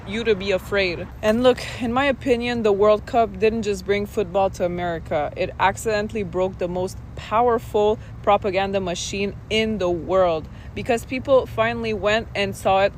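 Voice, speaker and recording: A man giving an earnest, persuasive, measured opinion voice-over. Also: sits high, a little hiss or hum, rough recording.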